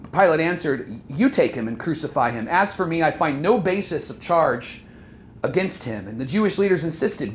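A man's voice: a little high, lively intonation, normal speed, slight background noise. A man preaching a sermon, talking earnestly and putting direct questions to the listeners. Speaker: pastor.

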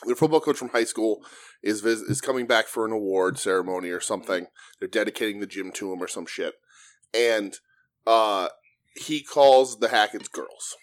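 A man's voice: on the low side, moderate pace. A man co-hosting a casual podcast, recapping and joking with friends. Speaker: podcast host. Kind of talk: casual chat.

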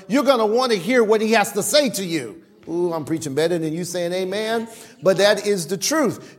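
A man preaching with a noticeably high voice. He delivers his sermon in an animated way and slips into the voices of worshippers to make his points. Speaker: pastor.

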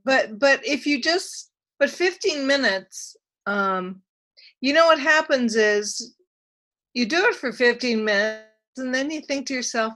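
A woman who teaches writing talks through her memoir as a guest. Her voice is bright and somewhat high, and she often stops and restarts her phrases as she thinks. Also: lively intonation, a little slow. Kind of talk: casual interview chat.

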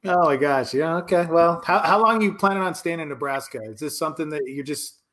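A male podcast host in a relaxed chat, with a slightly raised voice. He sounds easygoing and keeps nodding along with brief replies. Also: on the high side, brisk. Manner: easygoing, with short agreeing replies.

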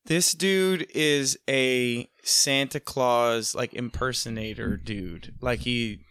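A woman's voice: very deep voice, slow, clean tone, no echo. Brief: laughing woman inventing characters, dry close sound. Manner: animated, laughing storyteller. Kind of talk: casual chat, improvising silly character voices.

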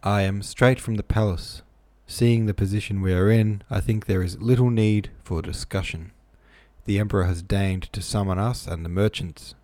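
A man reading a brisk commanding count. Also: fairly low pitch, fairly even intonation, darkish tone, dry recording, lightly acted. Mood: firm. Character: brisk commanding male Russian count governor.

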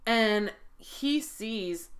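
A woman co-hosting a podcast in casual chat, animated and swearing often, slipping into quick impressions of people. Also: on the high side, a crowd in the background. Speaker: podcast co-host.

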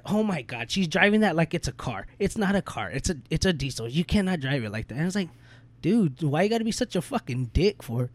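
A man's voice: a little high, very animated, fairly quick. Young man venting, slangy and profane. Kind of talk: casual podcast chat.

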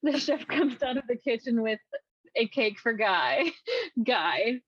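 A woman co-hosting a casual podcast speaks slowly in a husky, breathy voice, and she giggles through the lines she reads aloud. Her voice sits on the high side, and the recording is dry and a little dull and lo-fi. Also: expressive, dry recording. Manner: giggly, keeps breaking into laughter while reading. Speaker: podcast co-host. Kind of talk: casual chat, reading comedy scripts aloud.

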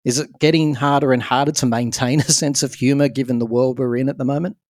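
A man's voice: mid-range voice, fairly even intonation, quick pace, dry recording. Australian man hosting an interview, dry sound. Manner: friendly, probing questions. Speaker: podcast host.

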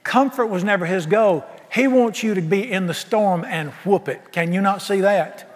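A man preaches a sermon in a church sanctuary, his folksy, exuberant delivery full of questions thrown at the congregation. His voice is slightly high for a male, he keeps a moderate pace, and a long reverb carries it through the hall.

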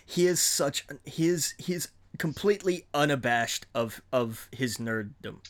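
A man's voice: mid-range voice, a little slow. Laid-back man chatting about wrestling. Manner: excited storytelling with frequent laughs and restarts. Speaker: podcast co-host. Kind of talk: casual chat.

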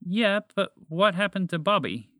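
A man's voice: on the high side, lively intonation, moderate pace, a bit bright, no echo, studio quality, pitched above the performer's own voice. A man voicing a female spaceship with a mechanical voice, cheerful and apologetic, in a storybook reading. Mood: fretful.

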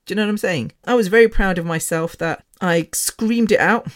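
A woman hosting her own solo podcast, talking straight to her listeners. She is blunt and animated, swears freely and gets a bit over the top. Her voice sits in a middle range. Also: medium pitch, a little fast. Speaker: podcast host. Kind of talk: candid solo podcast monologue.

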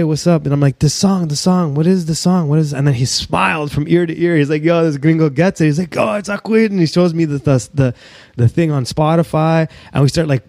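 A man hosting a podcast, rambling casually and excitably with plenty of swearing. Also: medium pitch, dry recording, studio quality. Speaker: podcast host. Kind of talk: rambling live-stream monologue. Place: home studio in Mexico.

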